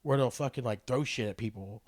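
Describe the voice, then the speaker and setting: A man, a comedian co-hosting a podcast, chatting casually and excitably with plenty of swearing. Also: medium pitch, a little fast, no room sound, studio quality. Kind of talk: casual chat.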